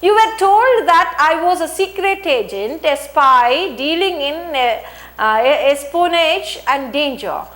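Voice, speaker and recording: A woman's voice: high voice, lively intonation, slow pace, fairly bright tone, voice pushed up, full character voice. A woman reading as a fat wheezing spy. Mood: reading aloud. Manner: reads the lines aloud plainly, with some hesitations. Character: fat wheezing middle-aged male spy.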